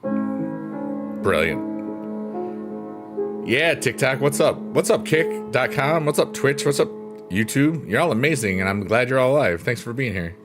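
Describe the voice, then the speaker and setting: A man's voice: medium pitch, animated, moderate pace, over music. Goofy upbeat man streaming live. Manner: goofy, upbeat, joking, laughing often. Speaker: livestream host. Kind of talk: casual livestream chat. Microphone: close mic, leans in.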